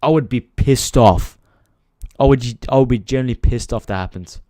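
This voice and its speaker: A man's voice: medium pitch, normal speed, mellow, dry recording, studio quality. A man hosting a casual live-stream football chat, ranting with frustration, swearing freely and talking straight to his viewers. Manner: frustrated, talks to viewers directly. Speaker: football channel host.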